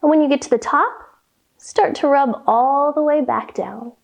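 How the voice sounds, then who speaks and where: A woman leading a children's yoga lesson, guiding slowly in a sing-song voice and making playful animal sounds. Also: high-pitched, vocal fry. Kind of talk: kids' yoga and story warm-up lesson.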